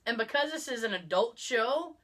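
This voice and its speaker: Lively, bright-voiced woman podcast host. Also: on the high side, moderate pace. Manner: animated, acts out quoted voices. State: coughing from a lingering illness. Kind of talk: casual storytelling chat.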